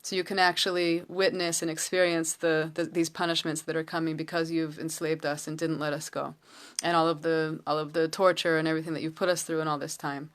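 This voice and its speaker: A woman retelling a story and speaking as a steady, firm prophet who answers a king without fear. The voice stays close to her own lower register, measured and plain. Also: lightly acted. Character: calm, firm male prophet and leader.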